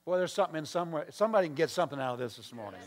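A man's voice: a little high, expressive, rapid-fire. A male pastor preaching a sermon, telling a story with acted-out dialogue and asides to the congregation.

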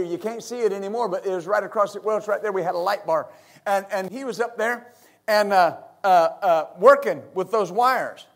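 Man, pastor, middle-aged, fervent sermon, amens and hallelujahs, strikingly high-pitched. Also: a bit bright. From West Texas.

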